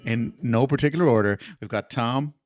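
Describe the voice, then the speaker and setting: A man's voice: medium pitch, a little fast, a little hiss or hum. A man hosts a loose, chatty podcast with friends and introduces everyone with teasing jokes. His voice sits in the middle range for a man. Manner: playful, jokey introductions. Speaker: podcast host. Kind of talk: casual podcast banter.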